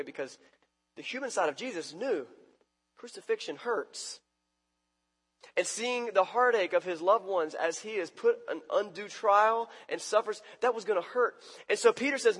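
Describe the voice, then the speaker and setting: A man pastor giving a conversational sermon, acting out quoted lines with sudden shifts between loud and soft. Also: high voice, moderate pace, breathy edge. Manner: conversational preaching, acts out quoted lines with big swings in loudness. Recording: long reverb of a church hall.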